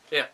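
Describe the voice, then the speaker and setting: A man's voice: sharp tone, slight background noise. An Australian man giving a comedic film review, profane, jokey and sarcastic. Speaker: movie reviewer.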